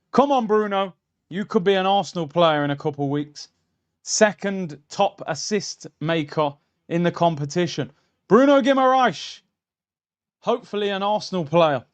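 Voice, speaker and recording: Excitable man with a high voice. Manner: excitable, blunt, quick to react. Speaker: streamer hosting a match watchalong. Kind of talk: live football watchalong commentary.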